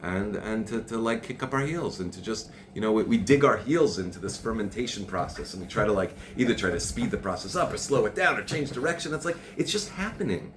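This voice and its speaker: A man's voice: on the low side, expressive, a little fast, few pauses. A middle-aged man hosting a casual chat, talking passionately, raising his voice and repeating himself. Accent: Jewish Orthodox Hebrew and Yiddish terms. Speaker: podcast host. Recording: faint background noise.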